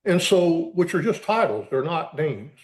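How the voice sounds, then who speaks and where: A man being interviewed as an author, explaining earnestly in a halting way with many repeated words and restarts. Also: on the high side, sing-song, roomy sound. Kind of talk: conversational interview.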